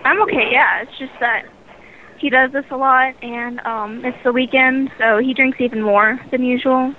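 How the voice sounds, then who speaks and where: A woman's voice: high voice, steady tone, moderate pace, narrow, tinny audio, slight background noise, lightly acted. A woman playing a worried young daughter on the phone. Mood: anxious. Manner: hesitant, filler-heavy pleading. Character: worried young daughter calling for her parents.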